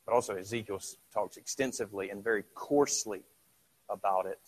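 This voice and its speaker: Middle-aged guy preaching, chatty, tosses questions at the crowd, gets quiet then loud. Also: lowish voice, a little fast. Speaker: pastor. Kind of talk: sermon.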